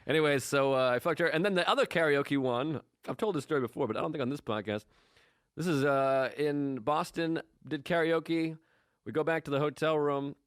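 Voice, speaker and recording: A man's voice: on the high side, a little fast, fairly bright tone, smooth, dry recording, studio quality. A young man co-hosting a comedy podcast, telling crude stories in casual chat and laughing often. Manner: crude storytelling, acts out voices, laughs often. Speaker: podcast co-host.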